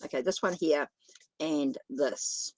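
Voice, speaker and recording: A woman's voice: low-pitched, slow pace, darkish tone, no echo. A woman doing a live tarot reading, talking in a chatty, informal way straight to her viewers. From New Zealand. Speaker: tarot reader.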